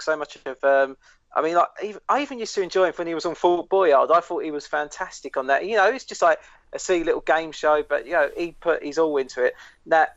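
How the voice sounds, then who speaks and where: A man's voice: on the high side, fairly bright tone, no echo. A man co-hosting a podcast, talking bluntly and frankly and swearing. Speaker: podcast co-host. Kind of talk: casual podcast chat. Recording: dry, dull lo-fi sound.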